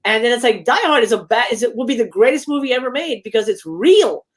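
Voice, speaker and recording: A woman's voice: a little high, expressive, fast. A woman guest in a casual livestream film chat, blunt and enthusiastic, swearing freely. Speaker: guest co-host.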